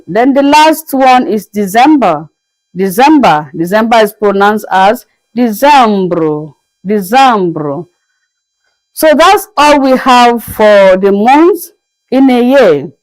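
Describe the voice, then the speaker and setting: Woman going thru french words real slow, repeats everything, dry close sound. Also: fairly high pitch, no echo, poor audio. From Nigeria. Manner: slow, repeats each word for learners. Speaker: French teacher. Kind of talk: classroom language lesson.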